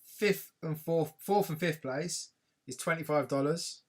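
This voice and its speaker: A man's voice: on the high side, unhurried. A man co-hosting a live-stream quiz, laid-back, laughing easily and thinking aloud. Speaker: co-host.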